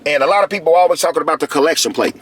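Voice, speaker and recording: A man giving a casual commentary monologue to his viewers, animated and slangy, repeating himself and calling out to them often. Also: a little high, racing, breathy edge. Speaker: video commentator.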